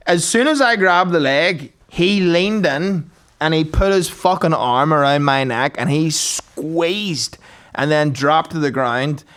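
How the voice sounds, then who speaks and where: Man, podcast host, crude self-mocking storyteller, high voice. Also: a little slow, fairly bright tone. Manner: crude, self-mocking, laughs through stories. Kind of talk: comic storytelling.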